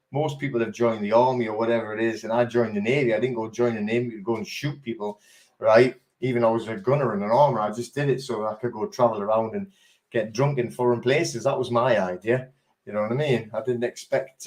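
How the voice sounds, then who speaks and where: A man's voice: mid-range voice, a little mellow. A middle-aged man from England hosting a live online chat, greeting viewers by name and telling stories in a loose, rambling way with many fillers and restarts. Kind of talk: casual live-stream chat.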